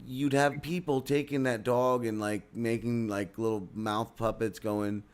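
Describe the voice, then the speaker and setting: A man's voice: medium pitch, fairly even intonation, unhurried, smooth. A man co-hosting a casual podcast, teasing and sardonic. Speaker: podcast co-host.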